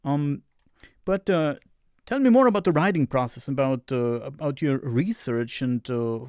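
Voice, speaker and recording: A man's voice: medium pitch, lively intonation, moderate pace, a little mellow, no room sound, studio quality. A man hosting an interview, asking questions hesitantly and searching for words. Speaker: podcast host.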